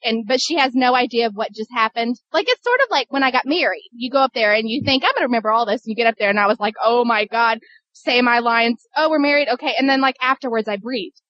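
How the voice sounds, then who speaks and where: A woman's voice: on the high side, lively intonation, quick pace, hardly any pauses, highs cut off. A woman co-hosting a podcast in casual chat, bubbly and chatty. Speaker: podcast co-host.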